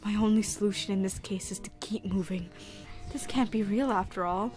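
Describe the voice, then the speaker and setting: A woman voicing a frightened shy teenage girl in whispered role-play, reading anxious first-person game narration in a hushed voice. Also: medium pitch, a little fast, faint music behind, close to an everyday voice.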